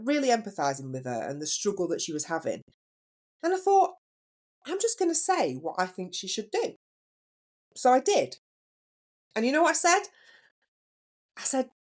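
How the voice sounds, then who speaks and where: A woman's voice: fairly high pitch, wildly swooping pitch, moderate pace, long pauses. A woman hosting a solo podcast as a business coach, telling a story in a chatty way and putting questions to the listener.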